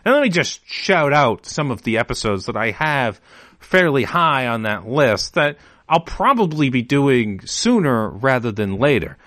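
A man's voice: medium pitch, animated, measured pace, a bit bright, dry recording. A man hosting his own podcast, talking casually in a rambling, digressive way. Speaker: podcast host. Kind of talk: casual solo podcast talk.

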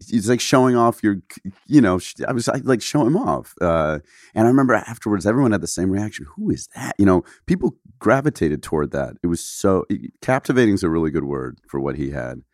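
A man's voice: low-pitched, brisk, no room sound, clean studio sound. A man hosting a podcast, telling anecdotes casually and animatedly. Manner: animated storytelling with mimicked voices. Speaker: podcast host. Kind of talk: casual chat.

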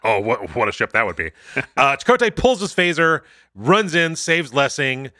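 A man's voice: mid-range voice, no room sound, studio quality. A man casually recapping a TV episode on a podcast, acting out characters' lines as he goes. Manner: animated, acts out characters' lines in quick retelling. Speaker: podcast co-host.

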